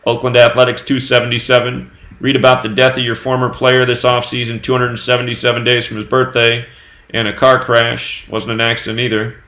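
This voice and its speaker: A man's voice: medium pitch, fairly quick. Man reading out numbers in an echoey room. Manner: steady running reading of dates and number sums. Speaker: host of a numerology news channel. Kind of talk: solo commentary on the news.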